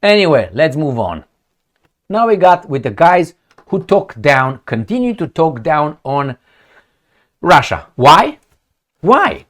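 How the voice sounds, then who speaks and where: Mocking, animated male commentator. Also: a little high, slow, pauses often. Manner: sarcastic, mocking, emphatic. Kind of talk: profane political commentary.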